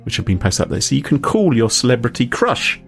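A man co-hosting a podcast in casual chat, animated and chuckling as he reads quotes aloud. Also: mid-range voice, brisk, creaky, faint music behind.

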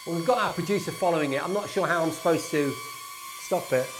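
A man talks in a casual, excitable way, quick to poke fun at himself. His voice sits a little on the high side for a man. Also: noisy background. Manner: chatty, excitable, self-deprecating. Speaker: tech show co-host testing a drone. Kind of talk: casual chat.

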